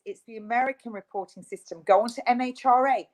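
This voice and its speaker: A woman's voice: on the high side, fast talker, low-quality recording. A woman, a guest in an interview, speaking in an emphatic, insistent, ranting way. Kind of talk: video interview.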